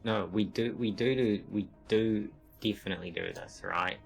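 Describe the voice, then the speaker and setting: A man with a fairly low voice chats casually while he plays a strategy game, thinking aloud as he goes. He stumbles and restarts often as he decides his moves, with faint game music under him. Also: steady tone, moderate pace, vocal fry, low-quality recording. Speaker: streamer.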